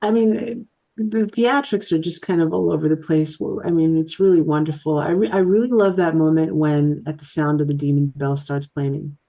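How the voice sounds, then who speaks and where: A woman with a somewhat low voice co-hosting a podcast in casual chat. She describes things eagerly, often stumbling and repeating words mid-thought. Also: fairly even intonation, moderate pace, gravelly, mellow. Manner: enthusiastic with frequent word repeats. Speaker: podcast co-host.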